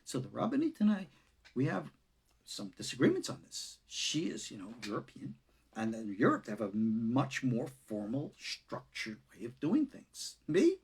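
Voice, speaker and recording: A man, a rabbi, giving an unscripted lesson in an expressive way, swinging between loud and soft and chuckling now and then. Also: mid-range voice, normal speed, gravelly, slightly rough. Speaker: rabbi teaching Kabbalah. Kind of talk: unscripted lecture.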